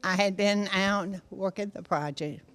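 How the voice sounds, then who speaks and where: A woman's voice: medium pitch, unhurried, fairly bright tone, clean tone. An older woman telling a funny story from her past, chuckling as she goes. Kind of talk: casual anecdote.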